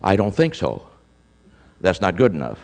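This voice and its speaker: A man's voice: sits low, huge pitch swings, moderate pace, creaky, a little mellow. An older man giving a keynote talk to an audience, telling stories animatedly and acting out quoted exchanges. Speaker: motivational speaker. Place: large hall before a live audience. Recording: speech with long hall reverb.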